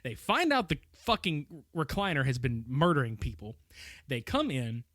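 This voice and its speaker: A man's voice: mid-range voice, normal speed, dry recording, studio quality. A man co-hosting a podcast, chatting casually about a cult film, laughing a lot and acting out the characters. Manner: animated, laughing, acts out movie characters in put-on voices. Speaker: podcast co-host. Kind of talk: casual film-review chat.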